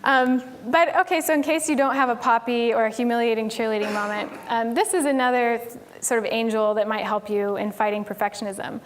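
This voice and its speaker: A slightly high, steady-toned woman talks a little fast with few pauses. She's from Tennessee and gives a laid-back conference talk on stage, chatty and heavy on "like" and "um."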